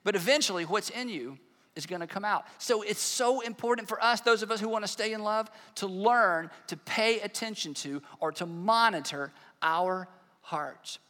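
Man, pastor, conversational sermon, high voice, long hall reverb. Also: normal speed, bright, forceful tone. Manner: conversational, acts out little dialogues.

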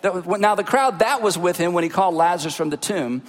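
A man preaching a sermon with animated delivery, asking the congregation rhetorical questions. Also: high voice, fast talker. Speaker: pastor. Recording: long hall reverb.

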